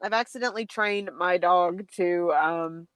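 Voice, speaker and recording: A young adult woman co-hosting a casual podcast, telling stories in a chatty, animated way. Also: on the low side, a little slow, clear, resonant tone, no room sound. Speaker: podcast co-host. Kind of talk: casual chat.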